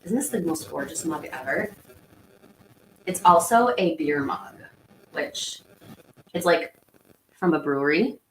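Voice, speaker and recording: A woman's voice: low-pitched, expressive, unhurried, long pauses. A woman in her thirties hosting a livestream, chatting casually and rambling as she answers viewer comments. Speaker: livestream host. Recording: echoey room with faint background hum.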